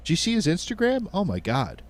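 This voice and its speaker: A man's voice: high-pitched, huge pitch swings, fast. A young man with a Philadelphia-area accent, rambling through casual podcast chat with lots of fillers. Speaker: podcast co-host. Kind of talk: casual chat among friends.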